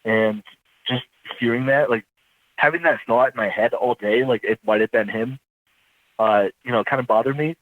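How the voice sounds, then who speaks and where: Man, veteran guest, halting rambling telling, thin phone-line sound, dry. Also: medium pitch, no echo. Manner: rambling, halting, self-correcting. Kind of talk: casual storytelling interview.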